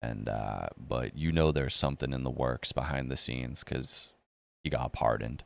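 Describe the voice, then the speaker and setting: Host type: deep, gravelly man riffing loosely on markets, swears freely. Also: measured pace. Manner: blunt, profane, rambling. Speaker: crypto and economy video host. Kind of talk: casual market commentary.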